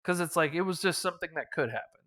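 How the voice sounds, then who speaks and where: A man's voice: a little high, quick pace, sharp tone. A man casually recapping a tabletop campaign as its game master, rambling with lots of fillers and chuckles.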